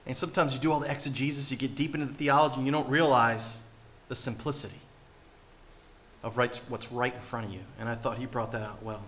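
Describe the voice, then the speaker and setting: A man's voice: medium pitch, flat delivery, fast talker, a bit bright. A man in his thirties preaching a sermon with emphatic rhetorical questions. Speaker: pastor.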